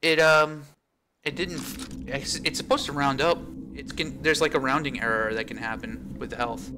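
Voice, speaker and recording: A man's voice: mid-range voice, fairly even intonation, moderate pace, noisy background. A man developing a game, chatting casually while playtesting it, thinking aloud, laughing often and trailing off with fillers. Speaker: game developer streaming his build.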